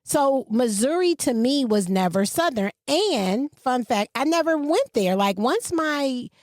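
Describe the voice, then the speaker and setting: A woman, co-hosting a podcast in casual chat and telling stories with swooping pitch. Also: a little slow, no room sound, studio quality. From Michigan. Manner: animated storyteller, swooping pitch. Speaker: podcast co-host.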